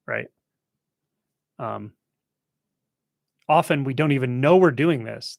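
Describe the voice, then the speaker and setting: A man teaching in a relaxed, conversational way, thinking aloud as he answers a viewer's question on a live stream. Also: medium pitch, vocal fry, dry recording, studio quality. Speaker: spiritual teacher hosting a live Q&A. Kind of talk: casual spoken teaching.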